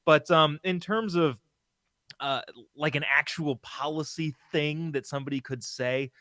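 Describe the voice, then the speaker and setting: A man's voice: fairly high pitch, a little slow, sharp tone, no echo, studio quality. A young adult man, a comedian guest on a political stream, talking casually with many restarts and fillers. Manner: rambling, self-interrupting, hesitant fillers.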